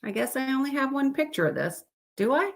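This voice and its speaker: A woman's voice: high-pitched, expressive, brisk, vocal fry. A woman hosting a live stream, chatting casually and rambling as she looks through pictures. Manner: chatty, rambling, with fillers and self-corrections.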